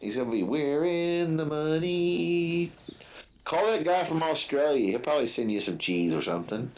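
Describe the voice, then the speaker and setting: A man's voice: on the high side, expressive, normal speed, darkish tone, highs cut off, a little hiss or hum. A man hosting a livestream watch-along, chatting casually in a rambling, profane way with lots of fillers. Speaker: livestream host.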